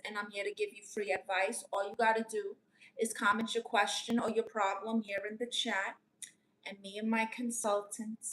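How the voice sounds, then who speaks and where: A woman's voice: medium pitch, fairly bright tone, a little hiss or hum, lightly acted. A woman playing a brash, teasing aunt who calls herself a therapist, chatting with her audience and calling them honey. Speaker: live-stream comedian answering chat. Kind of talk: improvised live-stream character comedy.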